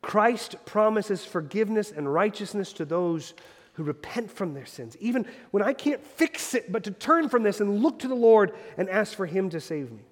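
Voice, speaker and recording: A man in his thirties preaching a sermon as pastor, earnest, moving between soft hushed lines and emphatic bursts. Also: high-pitched. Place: church sanctuary. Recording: long hall reverb.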